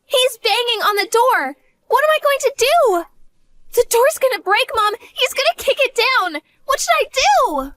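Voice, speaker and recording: A woman's voice: very high-pitched, big pitch swings, unhurried, fairly bright tone, no echo, exaggerated voice. A woman voicing an earnest, devoted college-age daughter who talks to her mother. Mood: frightened. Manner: earnest, pleading.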